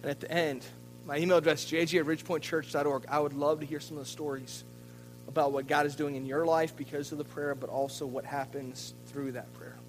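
A male pastor with a notably high voice delivers a sermon, spinning a story with lively energy and stumbling over repeated words. Faint music sits quietly behind him. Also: a little fast, poor audio. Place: church.

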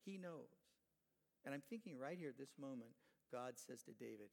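A middle-aged male preacher telling a story in an animated, conversational sermon with asides to his listeners. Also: medium pitch, normal speed, vocal fry.

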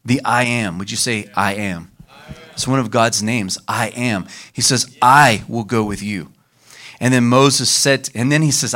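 A man preaching a sermon as pastor, leading the congregation in call-and-response and slowing down for emphasis. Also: mid-range voice, fairly bright tone. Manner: leads the congregation in call-and-response, varies his pace for emphasis.

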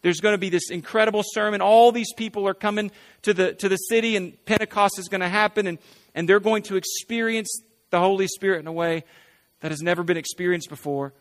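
High-voiced man preaching a sermon. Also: fairly even intonation, a little fast. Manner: conversational preaching, rhetorical questions, frequent "right?". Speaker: pastor.

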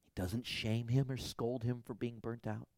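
A man preaching a sermon, swinging from loud emphasis to whispers and building repeated calls to action. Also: medium pitch, little pitch movement, normal speed, no echo, studio quality. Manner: repetitive exhortations. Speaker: pastor.

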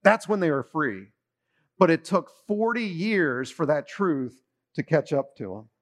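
A man's voice: fairly high pitch, animated, unhurried. A middle-aged man preaching a sermon in a conversational way, often putting questions to his listeners. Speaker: pastor.

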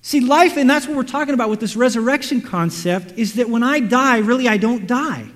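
Animated male pastor in a reverberant hall. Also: very high-pitched, a little fast. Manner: animated, acts out quotes and everyday scenes. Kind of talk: sermon.

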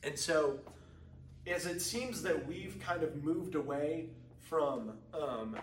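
A man's voice: on the high side, takes it slowly, slight background noise. Young male preacher in an echoey room. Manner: casual storytelling with frequent ums. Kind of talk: sermon with personal story. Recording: echoey room, mic at a distance.

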